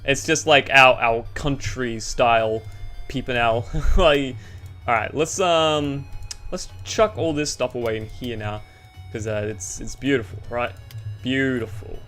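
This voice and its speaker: A man's voice: mid-range voice, unhurried, pushed and bright. A young Australian man giving rambling, goofy and self-deprecating gameplay commentary over faint game music. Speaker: gaming YouTuber.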